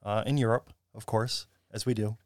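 A man's voice: fairly low pitch, fairly even intonation, normal speed, no room sound, studio quality. A man telling a story in a casual chat, rambling with fillers and laughing. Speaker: podcast guest telling a story.

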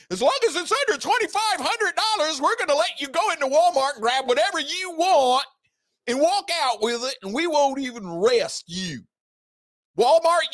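A man's voice: very high voice, a bit bright, dry recording, clean studio sound. A man hosting a podcast, delivering an angry, sarcastic political rant with heavy emphasis. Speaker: podcast host.

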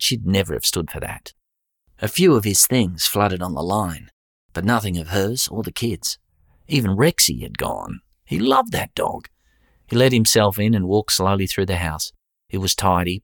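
A very low-pitched man with an Australian accent reading a story aloud in a plain, steady way. His delivery is relaxed and slangy, and the sound is dry and close, with no room around it. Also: creaky, no room sound. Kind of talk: audiobook narration.

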